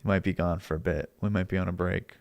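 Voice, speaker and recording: A man's voice: deep voice, flat delivery, quick pace, creaky, darkish tone, dry recording. A young man streaming, arguing with his chat in a sarcastic, argumentative way and laughing often. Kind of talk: casual livestream chat.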